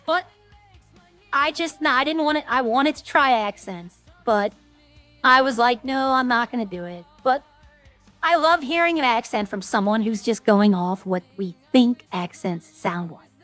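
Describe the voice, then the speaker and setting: A woman's voice: a little high, measured pace, a bit bright, soft background music. A woman streamer rambling in casual, self-deprecating chat with her viewers.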